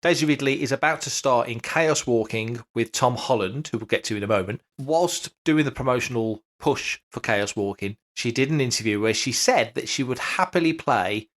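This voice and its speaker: A man in a relaxed podcast conversation, speaking in an ordinary mid-range voice. He makes his points emphatically and keeps throwing out rhetorical questions. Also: mid-range voice, normal speed, hardly any pauses. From United Kingdom. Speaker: podcast co-host. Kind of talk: casual podcast chat.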